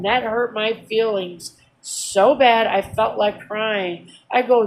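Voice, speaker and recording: Woman, slightly high voice, casual vlog story, aggrieved, blunt, profane venting. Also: fairly even intonation, slow, hardly any pauses, slight background noise, poor audio. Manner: heated, aggrieved venting with repeated phrases; blunt, profane everyday speech. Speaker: vlogger.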